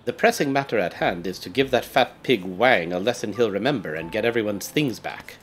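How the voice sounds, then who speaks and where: A man's voice: lowish voice, animated, fairly quick, soft background music, natural voice. A man voicing a bold heroic male outlaw in a game, cool and commanding. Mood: confident.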